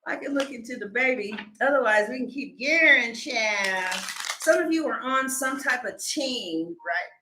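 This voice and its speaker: A woman doing a casual tarot reading to camera, animated and joking, laughing often and slipping into comic voices. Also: fairly high pitch, moderate pace, roomy sound, background noise. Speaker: tarot reader.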